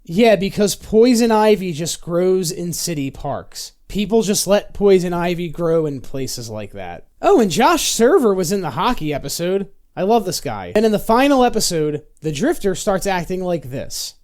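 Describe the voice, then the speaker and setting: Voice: medium pitch, sing-song, normal speed, hardly any pauses, darkish tone. Sarcastic, swearing show reviewer. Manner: sarcastic, exasperated, swears often. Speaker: video reviewer. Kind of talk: profane comedic review commentary.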